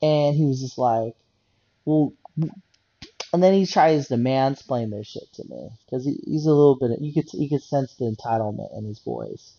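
Gravelly-voiced man ranting casually. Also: medium pitch, very animated, moderate pace, few pauses, warm tone, no echo, muffled recording. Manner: rambling, blunt, swears, repeats himself. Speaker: medical office worker. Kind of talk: casual monologue rant.

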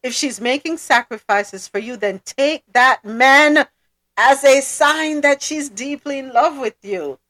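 A woman hosting a casual podcast chat, thoughtful and quick to laugh. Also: sits high, a bit bright. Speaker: podcast host.

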